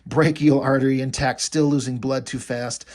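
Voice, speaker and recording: A man's voice: medium pitch, fairly even intonation, moderate pace, a little mellow, lightly acted. A man voicing a grandiloquent masked male villain, reading the comic's formal, flowery lines aloud. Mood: menacing.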